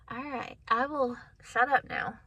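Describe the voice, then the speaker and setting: A woman tells a personal story into her phone from the driver's seat, her voice bright and a little high. She talks casually but with a lot of feeling, and her words drift toward tears as she goes. A headache weighs on her delivery. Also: steady tone, takes it slowly, slight background noise. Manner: emotional, heartfelt, tearful at times. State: has a migraine. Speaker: vlogger. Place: in her car.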